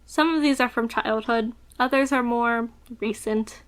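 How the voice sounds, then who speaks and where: A woman reading the lines of a gentle, scarred young man from a visual novel, who speaks softly and reassuringly. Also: fairly high pitch, unhurried, lightly acted. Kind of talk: visual novel dialogue read aloud.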